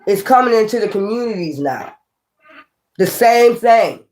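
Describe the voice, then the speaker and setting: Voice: medium pitch, expressive, measured pace, darkish tone. A tarot reader giving a casual reading straight to viewers, rambling, swearing and hammering points home. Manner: rambling, profane, emphatic.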